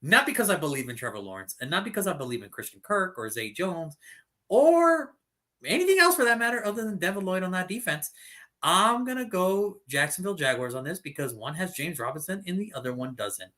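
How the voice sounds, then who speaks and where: Man, casual sports talk, bright tone, slightly high voice, animated. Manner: animated, swears, quick jokes. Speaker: podcast co-host.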